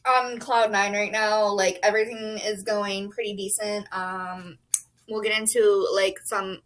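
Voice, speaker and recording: A young woman chatting casually to camera as a book vlogger, bubbly and excitable, full of "like" and "um". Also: medium pitch, unhurried, rough recording.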